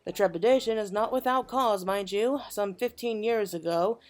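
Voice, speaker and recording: A woman voicing a dignified, solemn noble official from a fantasy game, speaking in a measured, formal, subdued way. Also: mid-range voice, a little mellow, soft background music, lightly acted.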